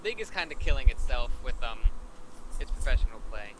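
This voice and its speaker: A man's voice: mid-range voice, animated, brisk. A young man with a mid-range voice thinks aloud about games, stumbling through fillers and half-finished thoughts. A constant layer of noise sits under his voice-call audio. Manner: musing, hesitant, many fillers. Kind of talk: casual gaming chat. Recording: noisy home voice-call recording.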